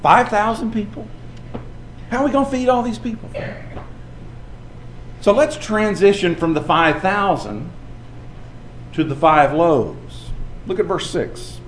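A male preacher tells stories during a sermon in a high voice, unhurried and with long pauses. He is animated and acts out the voices of the people he quotes. The sound is roomy with a little hiss or hum.

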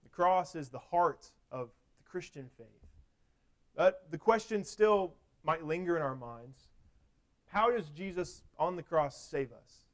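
Slightly high-voiced man preaching casually. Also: animated, measured pace. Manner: conversational, with restarts and everyday illustrations. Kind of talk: sermon.

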